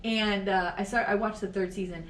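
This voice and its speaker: A middle-aged woman co-hosting a podcast in casual chat, animated, swearing freely and laughing often. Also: medium pitch, fairly quick, slight background noise. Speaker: podcast co-host. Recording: echoey room, distant from mic.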